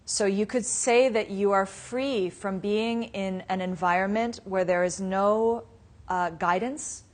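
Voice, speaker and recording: A woman leads a live meditation class in a loose, conversational way. She scatters asides and easy laughter through her teaching, and her voice sits at a middle pitch. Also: fairly even intonation, takes it slowly. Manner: casual and conversational, many "you know"s and asides; storytelling with frequent light laughter. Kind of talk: live Buddhist dharma class talk.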